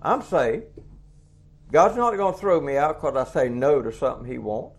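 High-voiced preacher, chuckling. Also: male voice, lively intonation, moderate pace, husky. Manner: chuckling, acts out little dialogues. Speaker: truck stop preacher. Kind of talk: folksy sermon.

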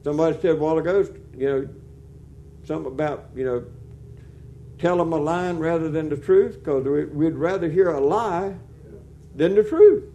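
Older preacher, man in his 60s; folksy sermon delivery, high but mellow voice, punchy loud emphasis. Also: normal speed, dull audio, a little hiss or hum. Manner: folksy, animated, rising to loud emphatic peaks.

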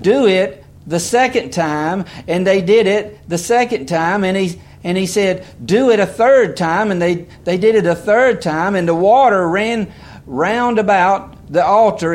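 A man preaching a sermon, reading scripture aloud in bursts, with repeated words and little asides to his listeners. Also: high voice.

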